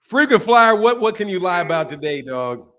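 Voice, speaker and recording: This boxing call-in host has a high, very animated voice, bright and forceful, delivered at normal speed. On his casual live show he's blunt and swears, laughing often as he teases the people phoning in.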